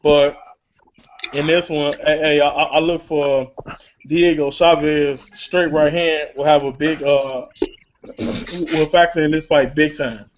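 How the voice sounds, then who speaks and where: A man's voice: on the high side, fairly even intonation, slow pace. A man hosting a casual boxing talk show, rambling with many stammered restarts. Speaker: podcast host. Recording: lo-fi online call with faint hiss.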